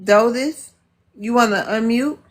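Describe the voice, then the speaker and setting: A woman's voice: a little high, measured pace. A woman hosting a live online debate, moderating casually and thanking viewers. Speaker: host.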